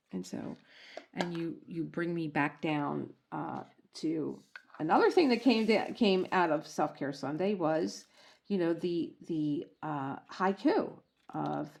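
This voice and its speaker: A middle-aged woman chatting at home, with a lowish voice that has a gravelly, creaky edge. She tells stories in a chatty way and acts out the quotes with lively voices. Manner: chatty storyteller, animated quoting. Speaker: vlogger. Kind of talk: casual chat.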